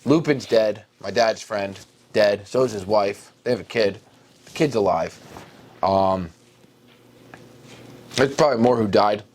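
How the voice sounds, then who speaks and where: A man co-hosting a podcast, retelling a story in an animated, mock-dramatic way with big swings in his voice. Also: fairly low pitch, measured pace, pauses often. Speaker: podcast co-host. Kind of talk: comedic casual retelling.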